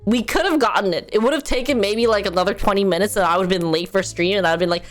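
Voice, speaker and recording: A woman's voice: medium pitch, fast, few pauses, soft background music. A young woman streamer chatting casually with her viewers, ranting with animation, laughing often and mimicking other people.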